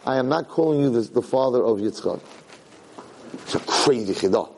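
A man teaching a Torah class, animated, jumping high when he acts out a yelling parent. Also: moderate pace, gravelly, background noise. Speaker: Torah lecturer. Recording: long hall reverb.

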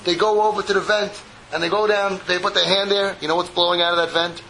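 Animated rabbi telling a parable. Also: male voice, high-pitched, quick pace, slight background noise, poor audio. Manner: animated storyteller, joking with listeners. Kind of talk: sermon with a parable.

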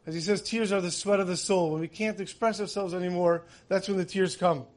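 Male preacher, higher register, casual delivery with rhetorical questions. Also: fairly even intonation, brisk, a little mellow. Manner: mixes in many Hebrew terms. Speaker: religious speaker. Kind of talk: sermon.

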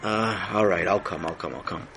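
A man's voice: low-pitched, moderate pace, bright, forceful tone, a little hiss or hum, voice pushed down. A man voicing a busy, distracted father who answers in an absent-minded mumble. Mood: reluctant. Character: distracted middle-aged father, busy and mild.

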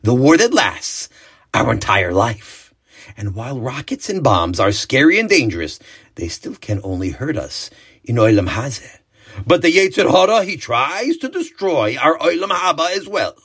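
A man voicing a cheerful older male war veteran, telling his stories in a warm, earnest way. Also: medium pitch, very animated, normal speed, husky, full character voice. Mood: serious.

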